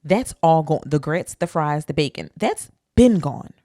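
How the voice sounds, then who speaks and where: A young woman podcast host, telling a story in an animated, profane, casual way. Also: low-pitched, unhurried, no room sound, studio quality.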